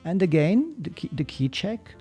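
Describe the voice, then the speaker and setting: A man with a Swiss German accent, a podcast guest who explains calmly and hesitantly and sometimes searches for English words. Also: on the high side, moderate pace, slightly rough, soft background music. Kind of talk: reflective podcast conversation.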